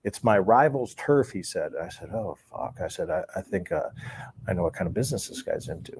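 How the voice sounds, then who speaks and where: A man's voice: on the low side, a little fast, vocal fry, husky. A man, a former sports bookie, casually telling a long story and acting out the dialogue he recalls. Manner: relaxed, acts out quoted dialogue, chuckles between lines.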